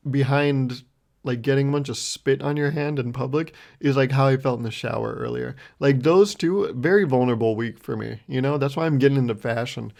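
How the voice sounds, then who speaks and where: A man's voice: mid-range voice, gravelly, darkish tone. Young guy rambling on his podcast, laughs at himself a lot, swears a bunch, normal mid voice. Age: 20s. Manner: rambling, self-mocking, laughs often, swears freely. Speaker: podcast host. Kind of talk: solo comedic storytelling.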